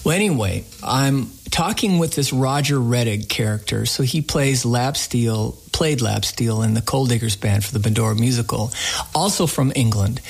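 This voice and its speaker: Gravelly-voiced man telling folksy stories. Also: medium pitch, moderate pace, low-quality recording. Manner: folksy, rambling anecdotes. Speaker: creator and host of a radio folk program. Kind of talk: storytelling in a radio interview.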